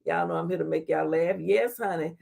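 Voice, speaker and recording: A woman with a deep, slightly creaky and somewhat mellow voice talks a little fast as she hosts a casual live-stream talk show. She reads comments aloud and trash-talks playfully, laughing and throwing in Southern slang like "child" and "honey."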